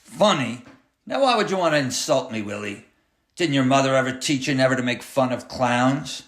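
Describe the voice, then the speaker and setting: A man's voice: medium pitch, lively intonation, normal speed, a bit bright, voice pushed up, close to an everyday voice. A man doing a sneering, menacing clown driver. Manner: sneering, bossy, barking threats. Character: menacing male clown bus driver, cruel and taunting. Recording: roomy echoey room.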